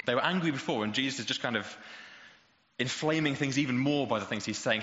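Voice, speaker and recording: A man's voice: medium pitch, fast, fairly bright tone. A man preaching a sermon, emphatic and rhetorical, building to passionate peaks. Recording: dull echoey hall recording.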